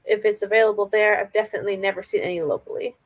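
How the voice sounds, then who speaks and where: A woman's voice: mid-range voice, flat delivery, racing. Giggly upbeat woman hosting a live chat. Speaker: livestream host running writing sprints. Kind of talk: casual live-stream chat.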